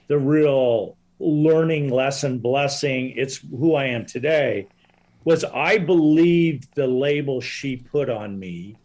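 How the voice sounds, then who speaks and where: A man speaking as a podcast guest, an earnest, reflective coach who often restarts his sentences. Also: medium pitch. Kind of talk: casual conversation.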